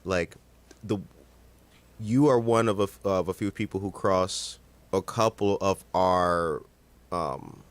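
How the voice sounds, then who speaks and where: A relaxed male podcast host asks his guest questions in a loose, conversational way. His voice sits a little low, and the sound is dry and close. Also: takes it slowly, pauses often, clear, resonant tone, dry recording. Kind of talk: casual interview chat.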